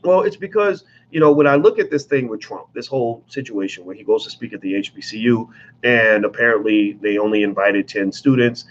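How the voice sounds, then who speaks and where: A man's voice: on the low side, expressive, fairly quick, dull audio, slight background noise. A man giving blunt, emphatic commentary in a casual vlog, talking straight to his viewers with plenty of profanity.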